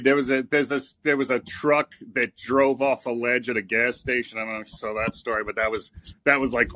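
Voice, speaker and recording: Guy on a podcast, halting and restarting a lot, dry close sound. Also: mid-range voice, a bit bright, dry recording. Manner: hesitant, with fillers and restarts. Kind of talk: casual chat.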